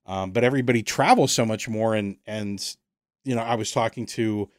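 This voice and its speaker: An American man leads a casual interview. He talks thoughtfully and haltingly, circling back and restarting his phrases. The sound is dry and close. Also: fairly low pitch, no room sound. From United States. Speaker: podcast host.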